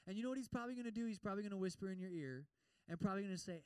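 A man preaching a sermon in an animated way, repeating words as he goes and acting out prayers. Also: high-pitched, rapid-fire, smooth, no echo, far from the mic, low-quality recording. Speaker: pastor.

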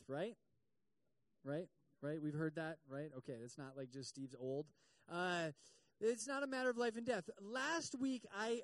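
A man's voice: a little high, dry recording. A man, a campus ministry pastor, telling a self-mocking story in a sermon and acting out the quotes.

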